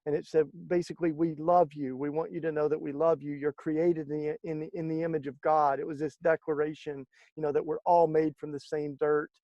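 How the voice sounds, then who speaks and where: A man, a guest in an interview, telling stories in a lively conversational way and acting out the voices of the people he quotes. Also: fairly high pitch, fairly quick, few pauses, no room sound, muffled recording. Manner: animated storyteller, acts out quoted speech. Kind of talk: conversational storytelling.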